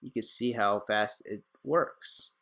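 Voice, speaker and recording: A young man hosting a casual screen-recorded software tutorial, chatty and rambling with self-deprecating asides. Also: on the low side, takes it slowly. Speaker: tech tutorial host.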